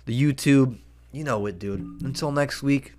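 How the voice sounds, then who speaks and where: A man hosting a solo podcast who rants in a profane, excitable way and keeps saying "dude" and "man". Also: mid-range voice, a little slow, faint music behind. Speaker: podcast host.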